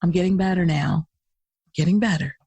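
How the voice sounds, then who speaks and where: A woman co-hosting a podcast, telling personal stories in an expressive, casual way. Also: on the low side, moderate pace, creaky, slightly rough, no room sound. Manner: expressive, dramatic storyteller. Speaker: podcast co-host. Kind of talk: casual chat.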